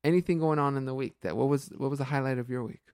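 A man in his forties co-hosts a casual podcast with a chatty, upbeat manner and a ready laugh. His voice sits at a middle pitch. The recording is dry and close. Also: steady tone, very fast, darkish tone, clear, resonant tone, dry recording. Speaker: podcast co-host.

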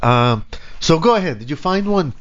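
A man's voice: a little high, animated, normal speed. A man hosting a casual chat, easygoing and loose, with lots of "you know" and "like". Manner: casual, easygoing, many fillers. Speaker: host. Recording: dull lo-fi sound.

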